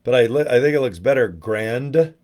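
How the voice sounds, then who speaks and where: A man's voice: medium pitch, animated, brisk, a little mellow. A middle-aged man hosting a casual home livestream, rambling chattily and greeting viewers by name, his voice a bit worn. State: losing his voice. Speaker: livestream host.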